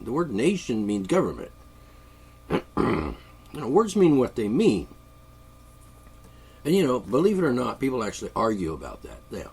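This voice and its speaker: A man with a mid-range, slightly mellow voice and a breathy edge hosts a podcast from his home studio. His sinuses are congested as he rambles through a political monologue, mocking and sarcastic, chuckling along the way.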